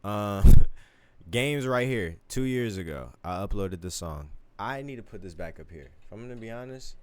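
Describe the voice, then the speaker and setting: A man's voice: low voice, expressive, unhurried. A young man chatting loosely on a late-night livestream from his home studio, rambling, joking and swearing freely. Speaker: streamer and musician.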